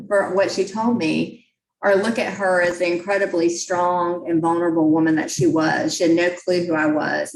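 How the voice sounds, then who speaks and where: A woman's voice: fairly low pitch, recorded from a distance. Chatty woman in an echoey room. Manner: folksy, chatty, self-deprecating. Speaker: guest speaker at a club meeting. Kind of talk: storytelling talk. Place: meeting room.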